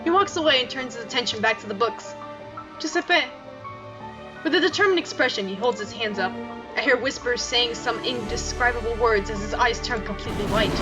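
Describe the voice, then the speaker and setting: A woman hosting a gaming channel, reading a story game aloud with emotional, dramatic reactions. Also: fairly high pitch.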